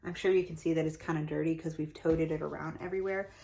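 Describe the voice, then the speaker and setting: A woman's voice: deep voice, quick pace, gravelly, low-quality recording. Chatty woman giving read-aloud tips. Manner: lively and chatty, showing off book pages. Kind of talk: casual instructional talk.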